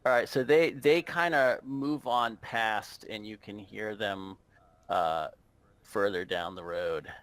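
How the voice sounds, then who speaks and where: A man narrating as game master over an online voice call, halting and full of fillers. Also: lowish voice, fairly bright tone, poor audio.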